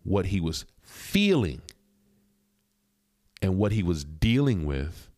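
Man, podcast host, low voice, lively pitch swings, blunt, profane, indignant commentary, dry close mic. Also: slow, dry recording. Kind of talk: commentary on a video clip.

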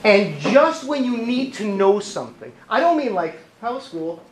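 Male therapist presenting, lively and funny, high animated voice, echoey hall, faint noise. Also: moderate pace. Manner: lively and joking, acts out voices. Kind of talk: humorous conference talk. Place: conference hall.

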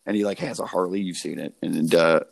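A young podcast co-host with a low, gravelly voice talks a little fast in a casual chat, rambling from one story to the next. He fills his speech with fillers and profanity and laughs at his own jokes.

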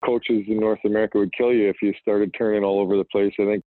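A man's voice: fairly low pitch, fast talker, dry recording. A man in his thirties, a hockey player guest, talking casually with lots of fillers and restarts. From Manitoba, Canada. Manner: relaxed, rambling, frequent fillers and restarts. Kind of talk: casual phone interview. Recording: dry, tinny phone line.

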